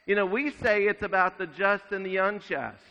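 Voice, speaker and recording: A man preaching a sermon in a measured way, dropping his voice to a hush at solemn moments. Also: high-pitched. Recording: dull sound with long reverb in a large hall.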